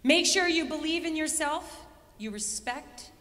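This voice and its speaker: A woman's voice: sits high, animated, unhurried, fairly bright tone. A woman from Canada giving a rousing motivational speech to an audience in a large event hall. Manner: rousing, addresses audience directly. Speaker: keynote speaker. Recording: reverberant hall.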